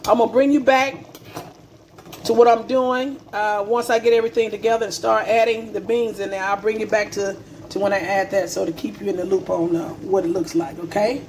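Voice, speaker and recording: A woman's voice: medium pitch, fairly even intonation, a little fast, darkish tone, a little hiss or hum. A woman hosting a casual home cooking vlog, chatty and repetitive, calling her viewers baby and family. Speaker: cooking channel host. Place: home kitchen.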